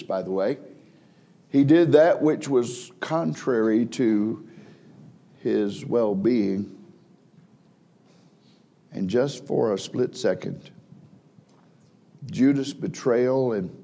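A man preaching a sermon, swinging between emphatic raised passages and quiet hushed drops, with frequent word repeats and restarts. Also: on the low side. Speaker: pastor.

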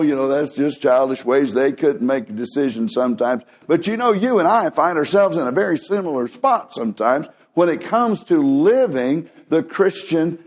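A man, preaching a sermon as pastor, acting out quoted voices with big swings in pitch.

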